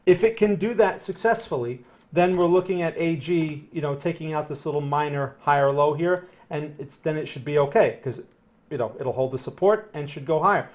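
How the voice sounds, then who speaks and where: A man's voice: a little high, a little fast, a little mellow. A man giving casual live-stream chart analysis and answering viewer questions, thinking aloud with frequent "right?" and "okay?".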